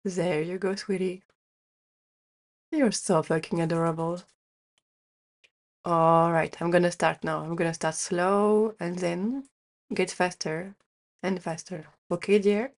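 Slow, soft-spoken woman in audio role-play. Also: fairly low pitch, fairly even intonation. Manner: slow, soft and doting, speaking to the listener.

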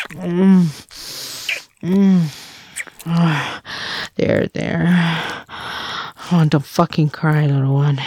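Girl doing a whispered role-play domme, slow and teasing, husky gravelly low voice. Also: no echo, clean studio sound, heavily acted. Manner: teasing, slow, with soft laughs and hums. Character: possessive domineering adult woman captor, teasing.

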